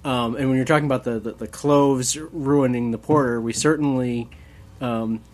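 A man's voice: medium pitch, fairly even intonation, moderate pace. Hesitant man on a beer radio show. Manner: hesitant, many fillers and restarts. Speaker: guest, homebrewing book author. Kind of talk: casual radio chat.

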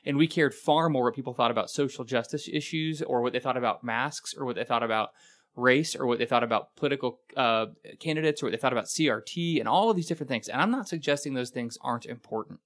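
Fast-talking earnest man. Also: medium pitch, a bit bright. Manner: earnest, emphatic, runs sentences together. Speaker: podcast co-host, teacher. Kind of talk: casual discussion.

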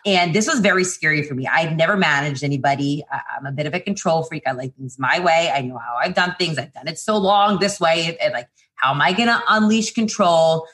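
Low-voiced chatty woman. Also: a bit bright. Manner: quick, chatty, many fillers and restarts. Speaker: founder of a PR agency, guest. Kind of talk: casual interview talk.

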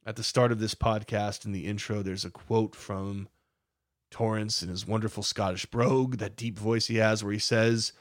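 A man's voice: on the low side, fairly even intonation, normal speed, dry recording. Dramatic male podcast storyteller, dry sound. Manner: dramatic storytelling with emphatic builds. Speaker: podcast host and narrator. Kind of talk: scripted podcast narration.

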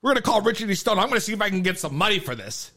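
A man's voice: high voice, sing-song, racing, bright, forceful tone. A man co-hosting a comedic podcast, agitated and ranting in banter with his co-hosts. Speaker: podcast co-host.

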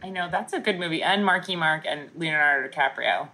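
A woman co-hosting a podcast, her voice pitched slightly low but bright and forceful. She jokes constantly and laughs often in loose, casual conversation. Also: brisk. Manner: jokey, laughs often, mock newscaster reading. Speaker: podcast co-host. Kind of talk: casual comedic chat.

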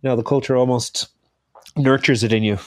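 A man's voice: mid-range voice, fairly even intonation, fairly quick, no room sound. A man with an Irish accent, a chef guest in a casual conversation, who rambles and corrects himself as he tells stories. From Ireland. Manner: rambling, self-correcting storyteller.

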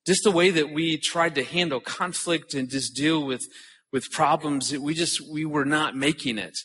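A man in his forties gives an earnest conference talk built around a personal story, often repeating words as he starts sentences. His voice is on the high side and a bit bright, with a breathy edge, at a moderate pace.

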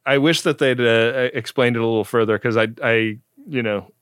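A man's voice: medium pitch, steady tone, moderate pace, a bit bright, clear, resonant tone, dry recording, clean studio sound. A man co-hosting a podcast, casually retelling a TV episode in a loose, rambling way with lots of fillers. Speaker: podcast co-host. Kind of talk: casual episode recap chat.

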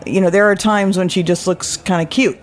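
A woman's voice: lowish voice, steady tone, a little fast. A woman, a guest author, chatting and telling stories, laughing often. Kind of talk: casual chat, storytelling.

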